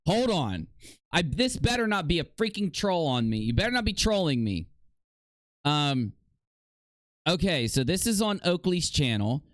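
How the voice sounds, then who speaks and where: A man's voice: dry recording, studio quality. A man hosting a casual livestream, reacting with dramatic mock outrage and repeating himself. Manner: dramatic mock outrage, jumping to loud high shouts. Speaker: livestream host.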